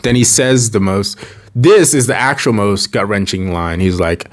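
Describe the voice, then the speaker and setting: Rambling, jokey male reviewer. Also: normal speed. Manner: rambling and jokey, with sudden high dramatic outbursts. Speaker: show reviewer. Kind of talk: casual video review commentary.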